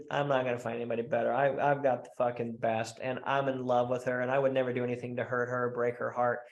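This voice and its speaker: Heard in an echoey room, a medium-pitched man guesting on a podcast speaks as a coach for married men, blunt and profane. He tells his stories with animation, voicing other characters mid-sentence.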